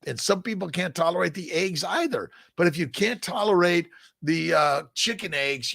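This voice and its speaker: A man's voice: a little high, creaky, no echo, studio quality. An older man hosting a casual live-stream Q&A, reading viewer comments aloud and answering them in an upbeat, encouraging, folksy way, often tagging on "right?". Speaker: host answering viewer questions.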